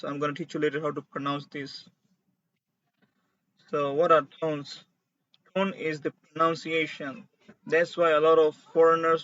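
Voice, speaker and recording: Guy w teaching mandarin, kinda high bright voice, muffled lo-fi sound. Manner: slow, deliberate, repeating sounds for the learner. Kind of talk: language lesson. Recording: dull, lo-fi audio.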